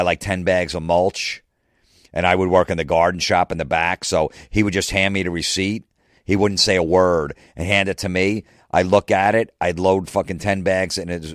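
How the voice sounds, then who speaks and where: Deep-voiced man telling a profane comic story. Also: a bit bright, no echo, clean studio sound. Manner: casual, profane, rambling. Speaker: comedian podcast host. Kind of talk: comedic storytelling.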